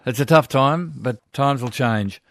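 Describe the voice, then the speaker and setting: A man's voice: mid-range voice, a little slow, no room sound. Australian male radio host, older, chatty letter reading, dry close sound. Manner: warm chatty asides, chuckling.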